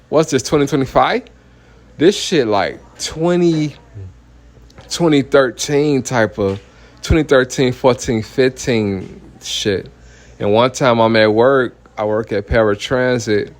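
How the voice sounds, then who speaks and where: Blunt, profane man. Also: medium pitch. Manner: blunt, profane, keeps saying "you know what I mean". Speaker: minister. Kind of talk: heated personal testimony monologue.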